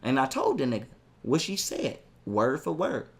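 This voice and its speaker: A young man telling a heated story in a profane, animated way and acting out what people said. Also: mid-range voice, moderate pace. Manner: profane, animated, acts out quotes. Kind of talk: casual ranting story.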